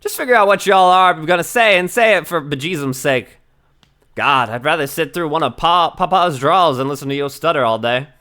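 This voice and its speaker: A man's voice: a little high, brisk, bright, forceful tone, clear, resonant tone. A man voicing a brash, tough Southern woman photographer in a game, with a drawling Southern US accent and a hollering folksy manner. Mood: impatient. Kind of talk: reading game dialogue aloud.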